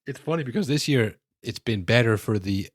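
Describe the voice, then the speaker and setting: A man co-hosting a podcast, talking football casually and animatedly, acting out fans' back-and-forth in quick asides. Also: mid-range voice, no echo, studio quality. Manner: animated, mimics fans and rivals in quoted asides. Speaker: podcast co-host.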